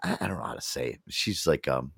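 Animated, profane man chatting. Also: a bass voice, fast talker, vocal fry, breathy edge, no room sound, clean studio sound. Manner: profane, rambling, laughs a lot, animated quoting voices. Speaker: podcast co-host. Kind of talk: casual chat.

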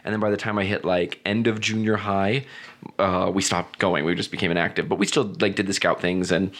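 A man, co-hosting a casual chat who is expressive and quick to tease. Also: deep voice.

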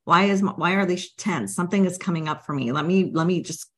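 A woman's voice: on the low side, fast, a bit bright, slightly rough. A woman physician, a guest on a podcast, explaining things step by step and often checking in with "right?". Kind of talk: casual podcast interview.

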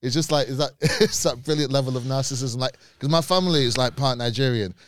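A man's voice: medium pitch, fast talker, fairly bright tone, no room sound. Man, casual podcast guest, laughing storyteller, dry close sound. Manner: laughs while telling stories, swears freely. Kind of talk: casual banter.

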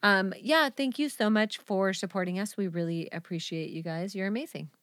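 A woman co-hosting a podcast in casual chat, animated and laughing often. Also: mid-range voice, moderate pace, dry recording, clean studio sound. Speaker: podcast co-host.

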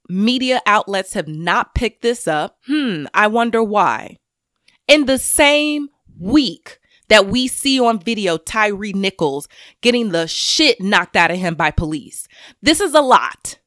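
A woman speaks straight to camera in an impassioned monologue, cursing freely. Her voice sits at an ordinary pitch and swings from loud, fast bursts of anger to hushed, heavy grief, with some words slowed and pressed hard. The recording is close and dry, with no room sound. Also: animated, dry recording. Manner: profane and intense, swinging between loud anger and quiet grief.

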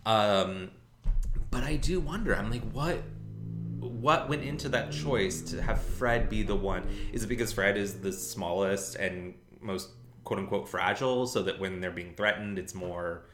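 A man's voice: fairly low pitch, measured pace, echoey room, over music. A man co-hosting a podcast, chatting casually and animatedly and laughing often. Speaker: podcast co-host. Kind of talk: casual chat.

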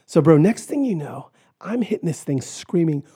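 Animated man telling a personal story. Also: on the high side, normal speed, husky. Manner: animated, acts out quoted voices, shouts in retelling. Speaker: podcast guest.

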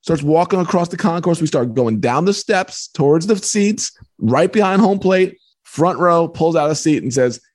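A man, a book author and podcast guest, telling a personal story in a lively way. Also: on the high side, moderate pace. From New York. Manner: lively, acts out voices in anecdotes. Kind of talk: animated storytelling.

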